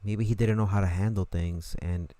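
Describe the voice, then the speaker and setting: A man's voice: low-pitched, fairly even intonation, normal speed, mellow, no room sound. A man streaming and commenting on a game in a casual, reflective way, often restarting his sentences.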